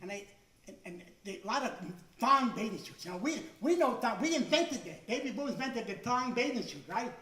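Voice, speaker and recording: High, bright-voiced comedian man on an echoey stage. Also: lively intonation. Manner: chatty, self-mocking, with quick asides and character voices. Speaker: stand-up comedian. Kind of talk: stand-up comedy routine. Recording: echoey stage sound from a distance.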